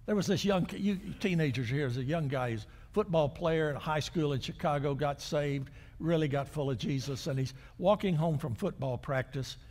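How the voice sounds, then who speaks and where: An older male pastor preaching a sermon, telling stories and moving between loud, raised lines and quiet, hushed ones. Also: on the high side, normal speed, hardly any pauses, big-room sound. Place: church sanctuary.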